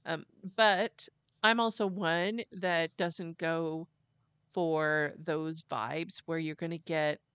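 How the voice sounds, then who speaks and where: A woman's voice: sits low, steady tone, slow pace, a bit bright, smooth, no echo. A middle-aged American woman co-hosting a casual podcast chat, talking loosely with fillers and restarts. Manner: chatty, trails off with fillers and restarts. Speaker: podcast co-host, mother.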